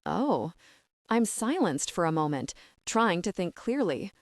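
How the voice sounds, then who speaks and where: A woman narrating a romantic comedy audiobook in the first person with a steady, measured reading. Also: on the low side, dry recording, studio quality.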